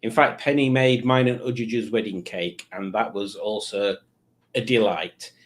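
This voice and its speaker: A man's voice: lowish voice, steady tone, measured pace. A man hosting a live stream in casual chat, reading out viewer comments in a rambling, self-mocking way.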